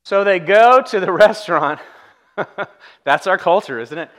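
A man's voice: high-pitched, lively intonation, a little slow, fairly bright tone. A pastor giving a casual, humorous sermon to his congregation, acting out the people in his stories. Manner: conversational and humorous, acts out quoted voices. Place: church sanctuary.

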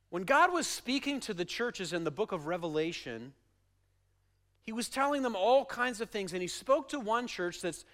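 High-voiced man preaching a sermon. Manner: animated storytelling, emphatic preaching. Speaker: pastor.

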